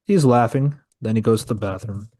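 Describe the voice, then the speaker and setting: A man's voice: fairly low pitch, fairly quick, warm tone. A man hosting a podcast, casually recapping a film scene by scene in a laid-back storytelling way. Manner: storytelling, laid-back, many filler restarts. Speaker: podcast host reviewing a film.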